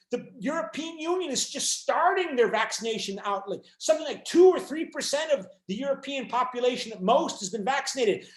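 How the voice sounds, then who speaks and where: A man giving a university lecture, lively and halting, with many restarts and fillers, often acting out voices for the people he describes. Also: extremely high pitch. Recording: roomy echo.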